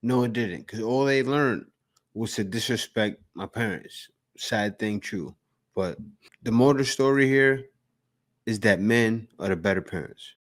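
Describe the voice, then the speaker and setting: A man hosting a reaction video, giving opinionated casual commentary in a lively, preachy way. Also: on the low side, a little slow.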